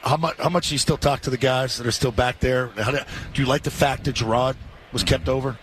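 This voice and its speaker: A middle-aged man co-hosting sports radio, hoarse today, animated and joking as he asks questions. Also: mid-range voice, fast talker, slight background noise. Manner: animated, jokey, interviewing. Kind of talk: casual sports radio chat.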